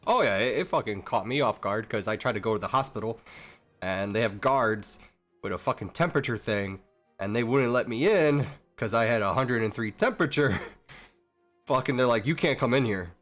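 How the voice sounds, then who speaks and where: A man's voice: medium pitch, animated, normal speed, fairly bright tone, faint music behind. A man streaming a game, talking casually in a rambling, profane way with many restarts. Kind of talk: casual rambling chat while gaming.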